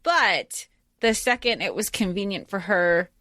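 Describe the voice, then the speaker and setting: A woman's voice: medium pitch, unhurried, dry recording. A woman co-hosting a podcast, chatting casually about books, rambling and restarting her sentences. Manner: rambling, trails off and restarts, lively quoted voices. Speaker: podcast co-host. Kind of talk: casual book chat.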